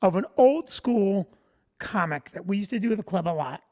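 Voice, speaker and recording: A woman comedian and producer telling a long, detailed anecdote at a steady pace. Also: mid-range voice, normal speed. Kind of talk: anecdote on a talk show.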